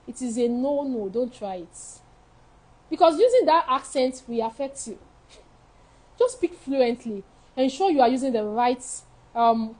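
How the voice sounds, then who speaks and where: A woman's voice: fairly high pitch, warm tone, low-quality recording. A woman giving frank, emphatic advice as a study-abroad counselor in a live session, repeating her key points. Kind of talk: live advice session answering viewer questions.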